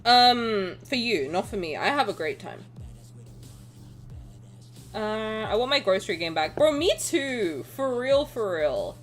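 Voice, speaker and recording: A woman's voice: on the high side, big pitch swings, a little slow, soft background music. A young adult woman streamer chatting casually and joking with her viewers, swearing now and then. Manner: joking, swearing, playful banter. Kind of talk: casual livestream chat, reading chat aloud.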